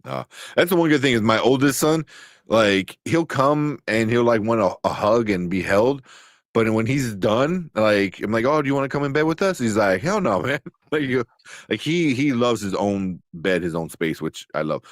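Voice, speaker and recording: A man in his thirties, co-hosting a casual chat show, telling lively stories, swearing casually and laughing often. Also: fairly low pitch, unhurried, no echo, studio quality. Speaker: co-host.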